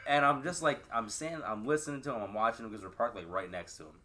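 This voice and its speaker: A man's voice: mid-range voice, quick pace, sharp tone. A man co-hosting a casual podcast, telling a blunt anecdote full of swearing. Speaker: podcast co-host. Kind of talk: casual chat.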